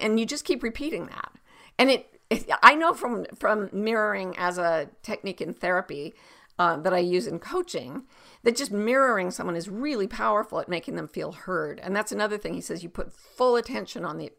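A woman's voice: fairly low pitch, gravelly, sharp tone. A middle-aged woman coach giving advice on a podcast, talking expressively, acting out example exchanges and sometimes dropping to a whisper.

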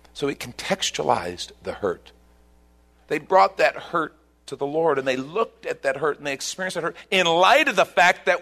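A male pastor preaching a sermon, animated and acting out the voices of the people he quotes. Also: a little high.

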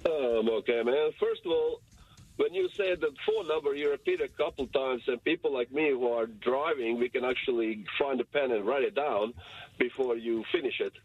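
This is a man phoning in to a radio show. He has a European accent and a slightly husky voice. He tells his story with lively pitch swings, putting on voices for the people he quotes. The sound is dry and muffled, like it came through a phone line. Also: normal speed, dry recording. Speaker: caller. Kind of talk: casual phone-in chat.

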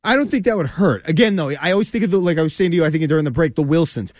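A man talks sports on a podcast, making his case in an earnest, measured way. His voice sits a bit high for a man. The sound is dry and close-miked. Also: lively intonation, darkish tone, no room sound. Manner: earnest, measured, reasoning aloud. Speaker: podcast co-host. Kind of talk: casual sports talk.

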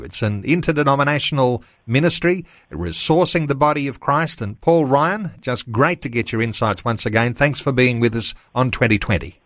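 A man hosts a faith radio interview in a measured way, with frequent "uh" fillers. He is recorded on a dry, close studio microphone. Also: medium pitch, fairly bright tone, dry recording. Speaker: radio host.

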